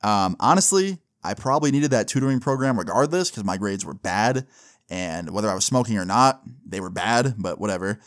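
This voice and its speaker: A man's voice: on the low side, expressive, fairly quick. Young man telling a casual, profane story. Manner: loose and profane, with frequent "like" and "right?" tag questions.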